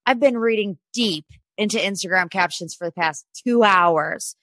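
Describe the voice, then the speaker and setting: A woman's voice: mid-range voice, moderate pace, a bit bright, no echo. A woman in her twenties hosting a casual pop culture podcast, chatty and opinionated. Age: 20s. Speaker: podcast host.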